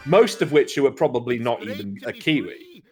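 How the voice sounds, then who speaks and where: Welsh man, rambling storyteller, swears a lot, lively pitch, faint game music. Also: brisk. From Wales. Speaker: co-commentator. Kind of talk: casual chat.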